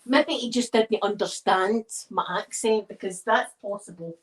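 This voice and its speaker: A woman's voice: medium pitch, moderate pace. A Scottish woman chatting casually and rambling through stories as she decorates a tree for an ASMR video. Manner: rambling, digressive storytelling.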